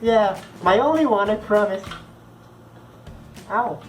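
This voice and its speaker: A man's voice: very high-pitched, fairly quick, long pauses, soft background music, rough recording. Bubbly young man with a Portuguese-speaking accent. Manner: playful, bubbly and chatty. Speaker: vlogger answering fan questions. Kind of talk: casual chat.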